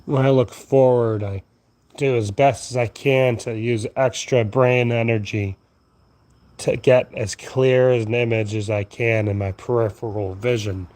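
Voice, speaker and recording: Sleepy man rambling slowly at night. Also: medium pitch, steady tone, a little mellow. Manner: slow, drowsy, profane, meandering. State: sleepy, yawning. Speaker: vlogger. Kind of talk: rambling late-night monologue. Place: outdoors at night. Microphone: phone camera.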